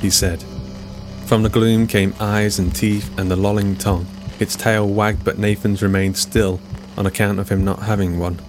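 A man narrating his own written story in a wry, deadpan way, with music playing behind. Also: lowish voice, normal speed, few pauses. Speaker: author and narrator.

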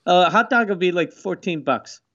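Slightly high, lo-fi voiced man chatting. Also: lively intonation, moderate pace, sharp tone. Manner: profane, storytelling with quoted asides. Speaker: podcast co-host. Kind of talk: casual chat.

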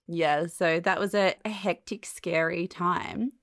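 A woman, co-hosting a casual chat with quick, wry storytelling. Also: fairly low pitch, fairly bright tone, dry recording, studio quality. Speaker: podcast co-host.

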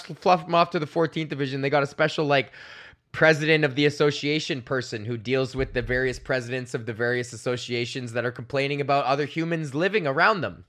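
A young man, hosting a podcast and telling a ranting, profane comedy story, often slipping into voices of the people in it. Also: on the high side. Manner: profane, animated, acts out voices of others. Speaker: podcast host.

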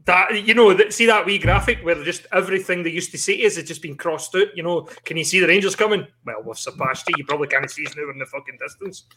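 A man's voice: a little high, fast, hardly any pauses, pushed and bright, slight background noise. A man co-hosting a casual podcast chat over a call, bantering, swearing and laughing.

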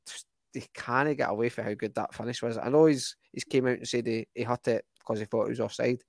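A man's voice: mid-range voice, fairly even intonation, brisk, gravelly, no echo. Scottish man rambling about football. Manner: rambling, restarts often, enthusiastic. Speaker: podcast co-host. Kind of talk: casual football chat.

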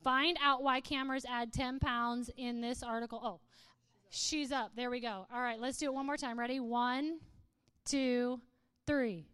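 A woman's voice: a little high, steady tone, unhurried, a bit bright, clear, resonant tone, dry recording. A woman speaking to a live audience in a playful, humorous way, often laughing and reading aloud with mock drama.

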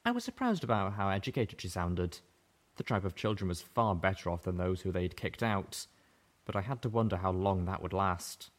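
Deep-voiced male audiobook narrator. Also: normal speed. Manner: steady first-person reading.

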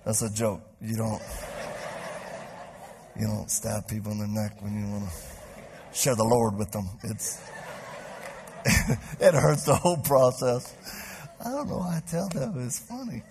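A man preaching to a live congregation, telling a story with lively acted-out voices. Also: fairly low pitch, unhurried, long pauses, background noise. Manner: animated, acts out voices in stories. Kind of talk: sermon storytelling. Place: church stage before a live crowd.

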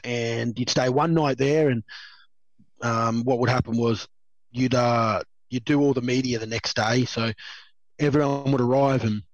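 A man's voice: mid-range voice, steady tone, measured pace, dry recording, highs cut off. An Australian man in his thirties, a former rugby league player telling rambling stories in an interview, chatty and laughing often. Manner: rambling, chatty storyteller who laughs often, lots of "you know" and "um". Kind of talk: relaxed anecdotal interview.

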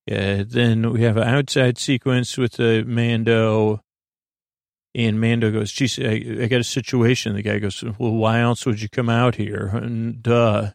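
A man with a gravelly, fry-tinged voice talks through an episode recap in a loose, rambling way, acting out bits of dialogue with plenty of fillers. His pitch stays fairly flat, and the sound is dry and close. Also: no echo. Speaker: podcast host recapping a show.

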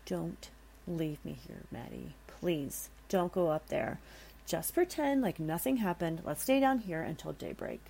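A woman reading the lines of a frightened young man in a spooky story, with a low, gravelly voice. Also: lively intonation, unhurried, dark tone, exaggerated voice. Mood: fearful pleading.

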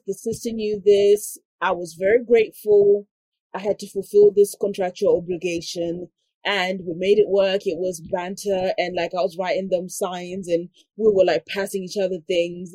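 Woman, casual storyteller, husky voice, dry close sound, acts out the dialogue. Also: mid-range voice, moderate pace, no echo. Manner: animated, acts out quoted dialogue; frequent "like" fillers. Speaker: podcast guest telling a story.

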